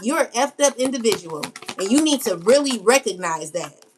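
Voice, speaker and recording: A woman's voice: fairly high pitch, expressive, moderate pace, noisy background. A woman tarot reader ranting to camera in unscripted, slangy speech, scolding bluntly and repeating herself for emphasis. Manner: casual slangy speech with many fillers. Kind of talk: unscripted spiritual rant to camera.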